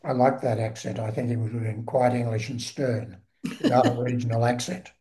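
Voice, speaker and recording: A man hosting a conversation, prompting the storyteller with eager questions and lively reactions. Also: medium pitch, a little fast. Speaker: host. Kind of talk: conversational interview.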